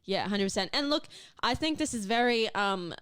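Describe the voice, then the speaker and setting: A woman's voice: fairly high pitch, animated, moderate pace, fairly bright tone, clear, resonant tone, no room sound, studio quality. A young woman co-hosting a casual chat podcast, blunt and swearing, laughing often. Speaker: podcast co-host.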